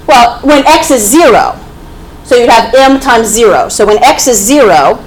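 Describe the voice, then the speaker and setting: A woman's voice: a little high, animated, moderate pace, a little hiss or hum, low-quality recording. Woman teaching math to a class. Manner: explanatory, repeats "okay?" to check understanding. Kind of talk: classroom lecture.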